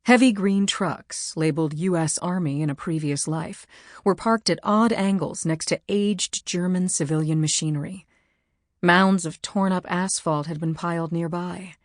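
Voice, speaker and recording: A woman reading an audiobook in measured, wry scripted narration. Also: on the low side, no room sound, studio quality.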